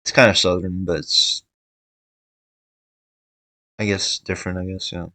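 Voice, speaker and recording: A man's voice: sits low, level tone, unhurried, bright, forceful tone, no room sound, poor audio. A young man giving casual tier-list commentary, thinking aloud with fillers and restarts. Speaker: video creator ranking states.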